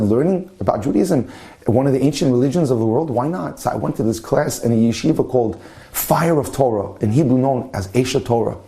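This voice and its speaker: A rabbi telling a story to inspire, with passion and drama in how he builds it. His voice is warm and mellow, at an ordinary middle pitch for a man. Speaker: rabbi and lecturer. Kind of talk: storytelling lecture.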